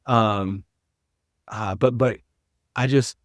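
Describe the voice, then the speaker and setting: A man with a lowish voice talks as a podcast guest. He sounds earnest and a bit self-deprecating, often hesitating and restarting his sentences. The sound is dry, with no room echo. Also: fairly even intonation, drawn-out words. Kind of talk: casual podcast interview.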